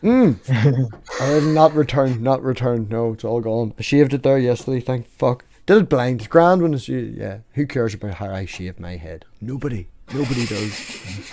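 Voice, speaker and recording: A man's voice: medium pitch, normal speed, mellow, slight background noise. A man with a Northern Irish accent hosting a live stream, rambling and joking with plenty of swearing. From Northern Ireland. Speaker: streamer host. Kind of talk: casual live stream chat.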